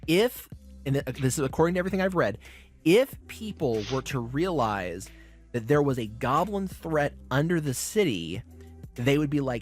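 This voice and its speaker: A man hosting a podcast, recapping a show in a casual, profane, animated way. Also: medium pitch, moderate pace, soft background music. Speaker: podcast host.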